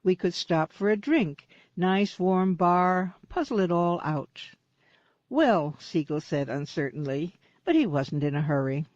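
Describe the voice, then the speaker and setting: A woman's voice: deep voice, a little slow, no echo, lo-fi sound. Woman narrating a mystery audiobook. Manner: steady storytelling, lightly voicing characters. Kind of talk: scripted narration.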